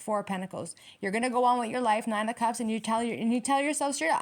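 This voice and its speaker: A woman's voice: a little high, quick pace, hardly any pauses. Fiery, swearing woman reading tarot. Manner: blunt, heated, swearing; addresses viewers directly. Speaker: tarot reader.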